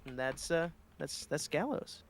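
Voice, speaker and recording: A man's voice: a little high, animated, unhurried. A man player describing his tabletop character in casual chat, rambling with many fillers and restarts.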